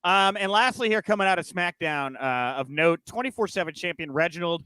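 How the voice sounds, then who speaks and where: A man's voice: high voice, expressive, fairly quick, bright, forceful tone, clean tone, no echo, low-quality recording. A man hosting a podcast, running through news in a loose, chatty way with frequent fillers and jokey asides. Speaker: podcast host. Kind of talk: casual news chat.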